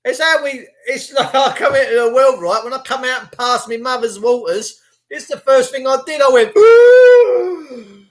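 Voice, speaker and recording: A middle-aged Englishman delivers a crude, rambling monologue. He swears freely and mocks people. He often jumps up into high, mimicking voices. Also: fairly even intonation, a little fast, fairly bright tone. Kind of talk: casual ranting monologue.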